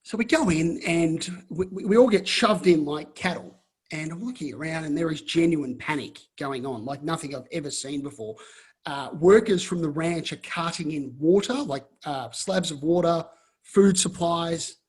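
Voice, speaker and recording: Husky-voiced Australian man telling a story. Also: a little high, moderate pace. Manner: animated storyteller, restarts phrases. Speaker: guest. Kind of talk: casual storytelling. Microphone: video call.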